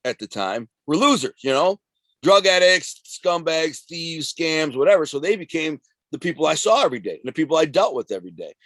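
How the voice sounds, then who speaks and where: A man of around fifty from Detroit, telling rough street stories as a podcast guest in a streetwise, profane, rambling way. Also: medium pitch, no echo. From Detroit, USA. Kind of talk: casual storytelling interview.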